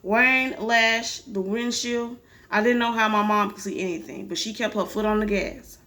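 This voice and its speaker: A woman's voice: mid-range voice, steady tone, moderate pace, bright, forceful tone. A woman reading a novel aloud in a casual style, dropping in offhand asides with swearing. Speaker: reader.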